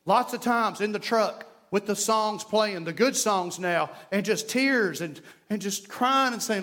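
A man preaching a sermon as pastor, moving between loud exhortation and quiet, hushed prayer. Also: high-pitched, unhurried, few pauses. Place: church sanctuary. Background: congregation.

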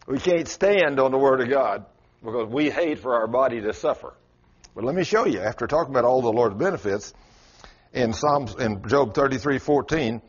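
A man's voice: mid-range voice, husky. A man preaching a sermon in a church, folksy and storytelling, with Southern turns of phrase. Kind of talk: folksy sermon with acted-out quotes. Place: church sanctuary with congregation. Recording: dull lo-fi church recording.

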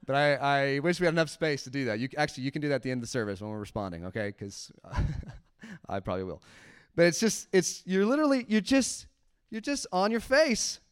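A man preaching a sermon in church, animated, laughing often and acting out little quotes. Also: fairly high pitch, a little fast, clear, resonant tone. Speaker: pastor.

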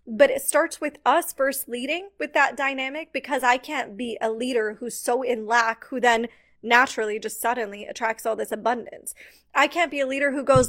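A woman's voice: a little high, moderate pace, fairly bright tone. A young adult woman hosting her own podcast, talking as a business coach in a casual, chatty, upbeat way with many "like" fillers. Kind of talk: casual solo podcast talk.

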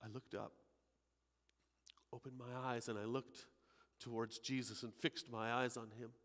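A pastor playing a broken, repentant thief. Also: male voice, medium pitch, level tone, in a large hall, pitched below the performer's own voice, natural voice. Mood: awed. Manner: emotional, halting, swings from hushed to crying out. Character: repentant male thief dying on a cross, broken. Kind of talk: dramatic first-person monologue in a church service.

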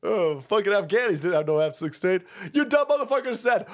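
A man hosting a livestream, delivering a loud, mocking, profanity-laden commentary rant. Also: high voice, big pitch swings, fairly quick, few pauses. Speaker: livestream host.

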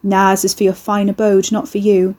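A woman's voice: medium pitch, completely flat delivery, normal speed, a little mellow, lightly acted. A woman voicing a sardonic young man who works curses, mocking, offhand and crude.

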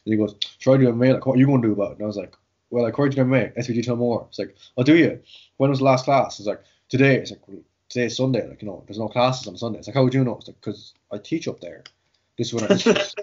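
A man's voice: medium pitch, fast, a little mellow, husky. An Irish man, a jiu-jitsu instructor, telling rambling, sweary stories in casual chat, with "like" in every sentence. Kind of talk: casual podcast storytelling. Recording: dull lo-fi audio.

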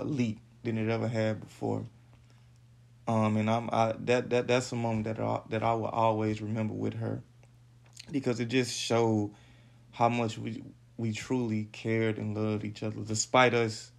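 Low gravelly guy, flat voice, stumbles and repeats himself, says "man" a lot. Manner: halting, repeats words, calls listener "man". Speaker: podcast host. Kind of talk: personal storytelling.

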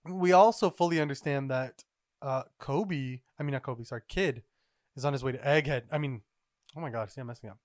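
A man hosting a podcast, recapping comic chapters in a rambling, excitable, casual way. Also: medium pitch, brisk, no room sound, studio quality. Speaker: podcast host.

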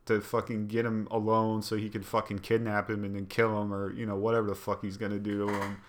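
A man's voice: lowish voice, monotone, fast talker. A young man and podcast co-host, retelling a movie in profane, rambling casual chat.

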